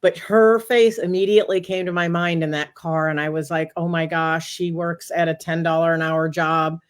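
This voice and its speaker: A woman, a guest on an interview show, telling a personal story in a casual, animated way, often quoting what she said to herself. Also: fairly low pitch, moderate pace, clear, resonant tone. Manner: animated, talks through quoted inner dialogue.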